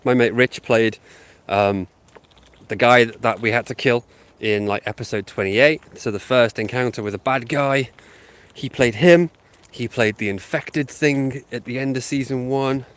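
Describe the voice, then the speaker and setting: A channel host with a sniffly sinus infection rambles casually to his viewers, dropping lots of ums, while walking his dog through a housing estate and talking into a handheld phone. His voice is medium-pitched, a little slow and a bit bright.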